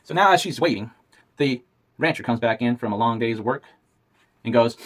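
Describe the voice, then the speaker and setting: A man's voice: mid-range voice, animated, moderate pace, long pauses. A man telling a playful, folksy story aloud and voicing its characters. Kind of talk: animated storytelling.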